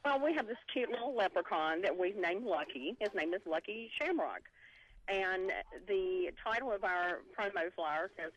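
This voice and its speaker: A woman's voice: medium pitch, normal speed, highs cut off. A woman from the Southern US calling a radio show, cheerful and chatty. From Southern United States. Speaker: caller. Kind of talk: phone call to a radio show.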